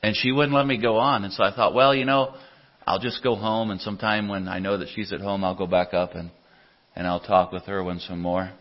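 A man's voice: lowish voice, level tone, fairly quick. Earnest preacher man, dull lo-fi recording. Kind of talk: sermon. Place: church. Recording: dull lo-fi church audio recording.

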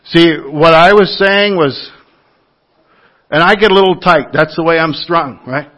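A man's voice: a little high, a little slow, a bit bright, highs cut off. A man preaching a sermon to his congregation, telling everyday stories in an earnest, conversational way. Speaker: lay preacher.

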